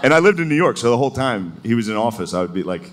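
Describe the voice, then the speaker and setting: A man's voice: mid-range voice, very animated, racing. A man doing a live stand-up comedy set, talking loosely and crudely and chuckling at his own jokes.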